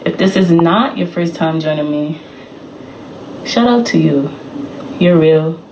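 A woman with a fairly low voice opens her show, drawing out each welcome slowly. Her voice sounds roomy and echoey, with a faint hiss behind it. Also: a little mellow. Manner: slow, drawn-out welcome. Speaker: podcast host. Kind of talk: show intro.

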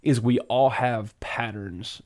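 A man's voice: mid-range voice, fairly even intonation, slow, a little mellow. A young man co-hosting a podcast, chatting casually with lots of fillers and self-deprecating asides. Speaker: podcast co-host. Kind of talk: casual chat.

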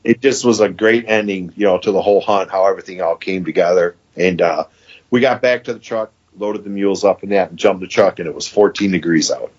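A man's voice: low voice, a little fast, breathy edge. A man, a podcast guest, telling a long story in a folksy way, acting out the dialogue and laughing as he goes. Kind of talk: casual storytelling. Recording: dull lo-fi podcast audio.

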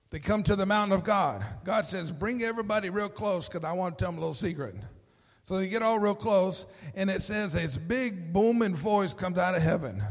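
A man preaching a sermon as pastor, telling stories with lively acted-out voices and often repeating words as he starts a sentence. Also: high-pitched, in a large hall. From Texas.

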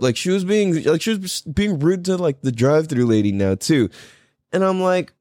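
Animated, profane man telling a story. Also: fairly high pitch, normal speed, dry recording, studio quality. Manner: animated, profane, laughing often. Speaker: podcast host. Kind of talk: casual storytelling rant.

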